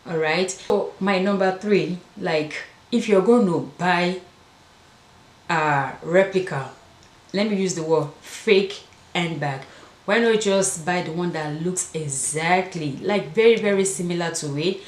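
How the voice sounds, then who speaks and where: A woman's voice: fairly low pitch, a little slow, reverberant. A woman with an African accent talking casually to camera as a fashion vlogger, repeating words for emphasis. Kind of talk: casual vlog talk to camera.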